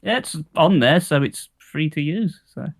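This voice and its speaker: A man's voice: on the high side, expressive, a little slow, creaky, no room sound. A man co-hosting a podcast, rambling casually with lots of fillers and some swearing. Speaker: podcast co-host. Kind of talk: casual chat.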